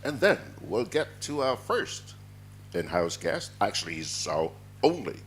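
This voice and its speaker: Morning host, deep voice, chatty, reads out greetings, bit of hum. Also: male voice, sing-song, unhurried, fairly bright tone. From Grenada. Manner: chatty, reads listener messages aloud. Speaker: radio host. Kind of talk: casual morning show hosting.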